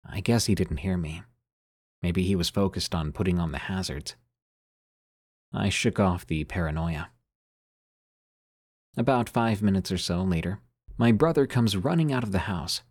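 Deep husky man narrating scary stories. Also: animated, no echo, clean studio sound. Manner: measured storytelling, sinking quieter on eerie lines. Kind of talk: scripted narration of listener-sent scary stories.

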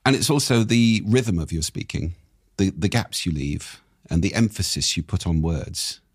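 An older man with a croaky voice, coaching on speaking in a casual, animated conversation. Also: moderate pace, no room sound, clean studio sound. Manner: animated, swoops up and down in pitch.

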